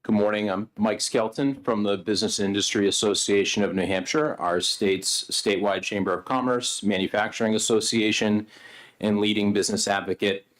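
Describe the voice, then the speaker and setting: A man representing a business association, giving polished, measured testimony to a senate committee. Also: lowish voice, fairly even intonation, fairly bright tone. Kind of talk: formal testimony. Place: state senate hearing room.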